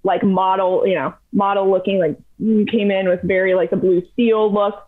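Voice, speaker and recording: A young woman tells a story as a podcast guest, chatty and animated. Her voice is somewhat breathy and sits at a middle pitch. The sound is thin and phone-like. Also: moderate pace. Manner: chatty, animated, heavy use of "like". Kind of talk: casual storytelling. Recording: tinny phone-like audio.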